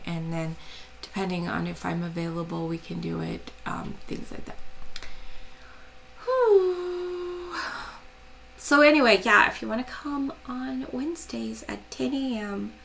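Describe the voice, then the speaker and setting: Slow, gravelly-voiced woman chatting softly. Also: medium pitch, slight background noise, poor audio. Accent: American. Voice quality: gravelly, slow and soft-spoken. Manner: rambling, hesitant, frequent ums. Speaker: crafting channel host. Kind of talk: casual chat to camera.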